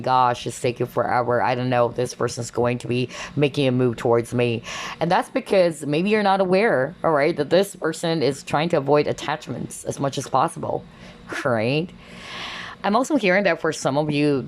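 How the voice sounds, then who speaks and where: A woman's voice: rumbling low, a little hiss or hum. A woman giving a chatty collective tarot reading, exclaiming often and filling her talk with fillers. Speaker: tarot reader.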